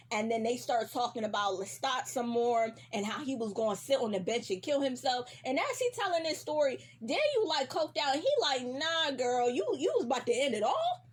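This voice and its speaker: A young woman casually recapping a TV episode, animated and full of slang and cursing. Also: high-pitched. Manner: animated, slangy, heavy profanity. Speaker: recap host.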